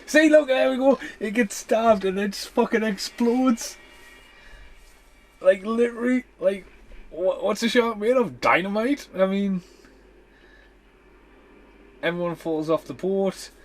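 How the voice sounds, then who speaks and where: A man's voice: high-pitched, unhurried, long pauses, slight background noise. A man hosting a movie commentary podcast, talking over the film in a blunt, sweary, casual way. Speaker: podcast host.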